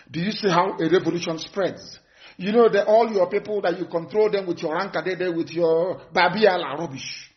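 A man giving a live broadcast address, delivering stern, repeated warnings that sometimes rise to shouts. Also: high-pitched. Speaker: activist broadcaster. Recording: dull lo-fi broadcast audio.

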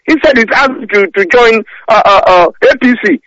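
Ranting angrily into a radio talk show, a male caller stumbles over his words in a repetitive, stammering way. His voice is very high-pitched and fairly bright, with lively intonation and a fairly quick pace. The dull, lo-fi phone-in audio has no echo.

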